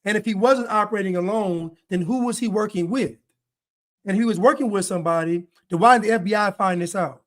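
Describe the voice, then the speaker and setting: A man's voice: sits high, brisk, a bit bright. A man giving video commentary, hammering points with repeated rhetorical questions. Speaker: online commentator.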